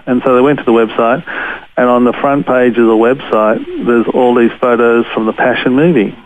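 An Australian man, a photographer interviewed as a guest, telling a story in a lively way and chuckling often. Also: medium pitch, moderate pace, a little hiss or hum. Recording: tinny phone-line radio sound.

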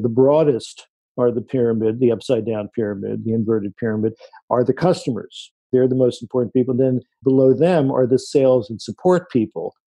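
A man's voice: medium pitch, no room sound. A man being interviewed as an author, answering at length with stories and quoted remarks. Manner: anecdotal, animated when quoting people.

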